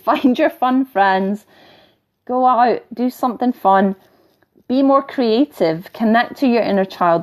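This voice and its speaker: A middle-aged woman with a softened Scottish accent, talking casually on a live stream as a spiritual teacher, wandering off topic and laughing now and then as she coaches viewers. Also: mid-range voice. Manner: chatty and digressive, laughing often, coaching tone. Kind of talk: live-stream talk, reading viewer comments.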